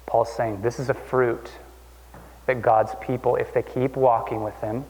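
A man's voice: mid-range voice, little pitch movement, unhurried, darkish tone. Man preaching in an echoing hall. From Oregon. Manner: conversational, repeats phrases, many fillers and restarts. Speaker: pastor. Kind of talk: sermon. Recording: dull sound with long hall reverb.

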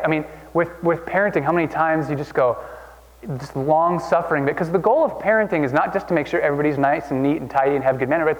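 A man's voice: a little high, long reverb tail, muffled recording. A man preaching a sermon as a pastor, conversational and self-deprecating, with many restarts.

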